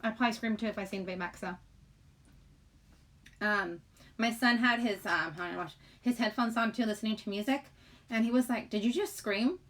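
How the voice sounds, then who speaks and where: A middle-aged woman chats on a livestream in a fairly high voice. She rambles, giggles and greets viewers in the chat as she talks. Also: normal speed, pauses often, fairly bright tone. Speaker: livestream host.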